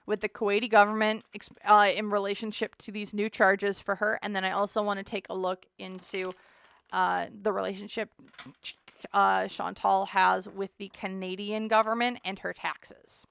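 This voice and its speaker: A woman's voice: mid-range voice, steady tone, moderate pace, gravelly, fairly bright tone, clear, resonant tone. A woman hosting a casual tarot reading, chatty and dramatic, thinking aloud as she goes. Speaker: tarot reader host.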